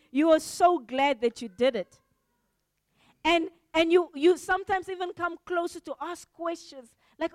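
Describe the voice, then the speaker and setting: A woman's voice: high-pitched, dry recording, clean studio sound. A woman preacher giving a sermon, telling stories and acting out the quoted reactions of the people in them.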